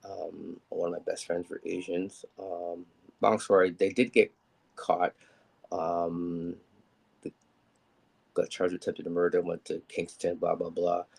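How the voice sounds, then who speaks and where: A man's voice: sits low, monotone, a little slow, vocal fry, long pauses, a little mellow, breathy edge, low-quality recording. A man candidly telling a personal story on a live show, rambling with many ums and acting out what people said.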